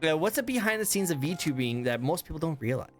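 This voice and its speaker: An excitable American man hosts a casual online chat, his somewhat high voice bouncing through a lively range. He laughs often and packs his talk with fillers. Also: quick pace, faint music behind. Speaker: host.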